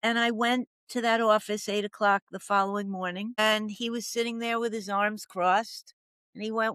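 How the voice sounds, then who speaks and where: A woman's voice: mid-range voice, fairly even intonation, normal speed, fairly bright tone, smooth, no echo. An older woman telling her story as a podcast guest, dramatic, acting out the voices she quotes. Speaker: podcast guest, professional coach. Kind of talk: storytelling interview.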